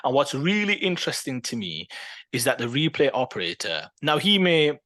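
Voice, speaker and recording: A man co-hosting a podcast, talking football in a casual, animated and opinionated way, with plenty of fillers and restarts. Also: medium pitch, moderate pace. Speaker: podcast co-host.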